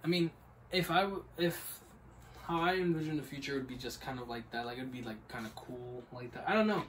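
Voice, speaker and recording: A man's voice: medium pitch, fairly quick. A young man co-hosting a casual podcast, rambling and laughing often. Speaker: podcast co-host. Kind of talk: casual chat. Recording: distant mic, faint background noise.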